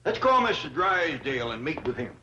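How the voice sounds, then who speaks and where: An actor playing a good-natured, slow-spoken older hillbilly with a rural Southern drawl, on an old sitcom soundtrack. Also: male voice, on the high side, big pitch swings, sharp tone, a little hiss or hum. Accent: American Southern rural. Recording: dull old TV soundtrack with faint crowd.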